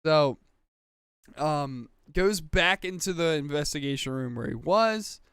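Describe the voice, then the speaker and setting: A man's voice: a little high, expressive, unhurried, a bit bright, smooth, no room sound, studio quality. A man casually recapping a TV episode on a podcast, rambling with fillers and acting out quoted lines. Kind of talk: casual chat.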